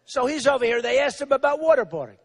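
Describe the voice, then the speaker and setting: Man, 60s, candidate at a rally; very high pitch, repetitive, mocking delivery with acted quotes. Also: animated, quick pace. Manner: acts out quotes of others. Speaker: political candidate. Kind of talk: campaign rally speech.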